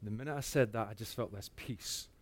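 A man telling a personal faith testimony, earnest, dropping to a hush and then rising again. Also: on the low side, brisk. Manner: earnest storytelling that swings between hushed and animated. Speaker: speaker giving a testimony.

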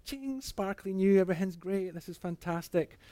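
An earnest man gives a personal faith testimony. His voice sinks to a near hush and then lifts with energy as the story builds. The sound is close and dry, with no room around it. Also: mid-range voice, moderate pace, no room sound. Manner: earnest storytelling that swings between hushed and animated. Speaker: speaker giving a testimony.

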